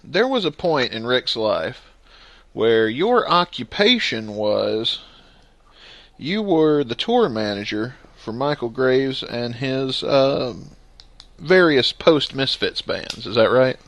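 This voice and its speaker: A man's voice: mid-range voice, big pitch swings, takes it slowly, fairly bright tone, no room sound. A man hosting a casual podcast, joking and upbeat, with a lot of laughter. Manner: jokey and upbeat, laughs often. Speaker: podcast host.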